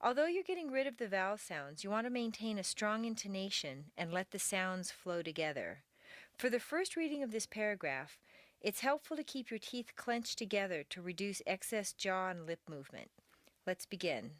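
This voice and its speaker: A woman teaching a recorded pronunciation lesson, reading example sentences slowly and deliberately with exaggerated intonation for learners to repeat. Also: mid-range voice, very animated, no echo. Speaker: accent training instructor.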